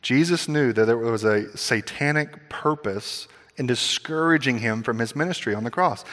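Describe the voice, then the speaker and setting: A male pastor delivers a sermon with animated energy, rising to loud emphatic passages and dropping into quiet asides. His voice sits at an ordinary middle pitch. A long reverb trails behind his words, as in a large sanctuary. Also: moderate pace, hardly any pauses. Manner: casual filler "like" in personal asides.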